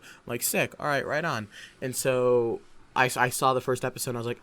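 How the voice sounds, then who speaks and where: A man's voice: medium pitch, little pitch movement, normal speed, a bit bright, smooth. A young man co-hosting a casual podcast, rambling eagerly and acting out his own reactions. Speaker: podcast co-host. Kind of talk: casual chat.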